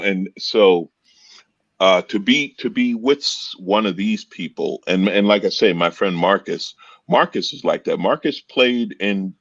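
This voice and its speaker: A man's voice: lowish voice, muffled recording. A man, a comedian guest on a podcast, talking casually and telling stories, acting out what people said in a raised voice. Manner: animated storyteller, acts out quotes in raised voice.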